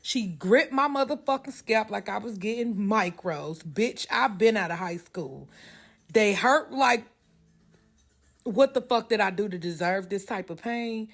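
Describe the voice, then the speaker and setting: A woman tells a casual storytime with blunt, profane energy. Her pitch sits in an ordinary middle range, and she keeps the story moving. She works as a hairstylist and talks like it. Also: unhurried. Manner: animated storytelling.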